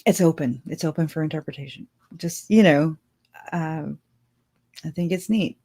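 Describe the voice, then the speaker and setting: A woman's voice: low-pitched, normal speed, dark tone, slightly rough. A woman hosting a casual livestream, rambling and chatty, laughing often and talking straight to her viewers. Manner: speaks to viewers directly. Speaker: livestream host.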